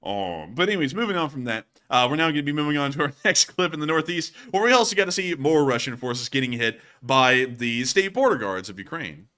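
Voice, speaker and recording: A man's voice: mid-range voice, very animated, a little fast, hardly any pauses, sharp tone. A man hosting a casual war news commentary, talking straight to his viewers in an informal, joking way. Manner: chatty, joking, laughs at the footage; addresses viewers directly and informally.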